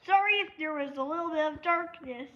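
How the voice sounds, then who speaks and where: A woman's voice: sits high, a little fast, bright, forceful tone, lo-fi sound, slight background noise. A woman vlogging casually at a table at home, rambling and saying "anyways" between thoughts. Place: at a table indoors.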